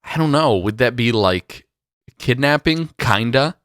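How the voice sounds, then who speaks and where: A man's voice: mid-range voice, lively intonation, unhurried, a bit bright, no echo, clean studio sound. A young man co-hosting a casual morning talk show, musing aloud with hesitant, wondering remarks. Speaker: co-host. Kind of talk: casual chat.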